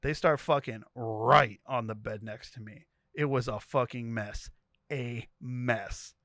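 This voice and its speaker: A man co-hosting a podcast, retelling a wild story in an animated, comedic way. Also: medium pitch, slow, no room sound. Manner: animated storytelling, voicing each character. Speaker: podcast co-host. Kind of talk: comedic dramatic reading of a story.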